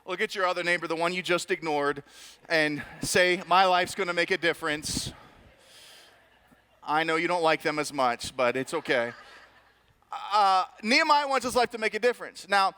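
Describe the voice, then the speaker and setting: Bright, clear-voiced man preaching casually. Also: high voice, lively intonation, normal speed. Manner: conversational, self-mocking storytelling. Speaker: pastor. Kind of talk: sermon with personal story.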